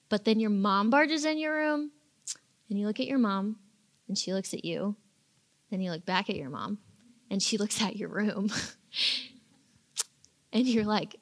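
A young woman with a slightly high voice tells a relatable story to a room of teens. She speaks casually and with animation, dropping into short acted-out lines along the way. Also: a little slow, long pauses. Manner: animated, acts out little quoted lines. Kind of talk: casual storytelling talk to a youth audience.

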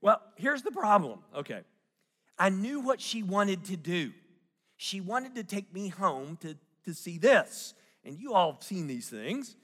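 A man's voice: sits high, very animated, unhurried, fairly bright tone. A middle-aged man preaching a sermon, telling a family story and often asking the congregation questions. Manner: storytelling with audience questions and jokes. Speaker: pastor. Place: church sanctuary. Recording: long hall reverb.

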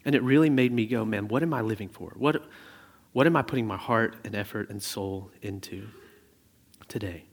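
A man in his thirties preaching a sermon in a conversational way, telling stories with animated asides. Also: fairly low pitch, moderate pace, vocal fry. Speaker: pastor. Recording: reverberant hall sound.

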